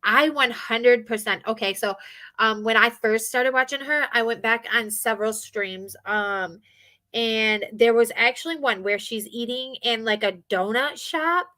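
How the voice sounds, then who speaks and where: A woman's voice: a little high, unhurried, pushed and bright. A woman giving casual commentary, hesitant, with many fillers and restarts.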